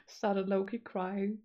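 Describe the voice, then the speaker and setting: A woman's voice: medium pitch, mellow, lo-fi sound. Gushing young woman streamer chatting. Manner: chatty and gushing, reading chat aloud. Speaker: art streamer. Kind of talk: casual stream chat while drawing.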